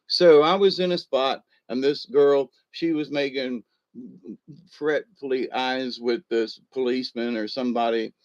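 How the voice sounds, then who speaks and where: A man's voice: medium pitch, steady tone, unhurried, dull audio. A man, chuckling as he tells a rambling personal story full of ums and uhs. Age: 60s. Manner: rambling, chuckling, with many fillers.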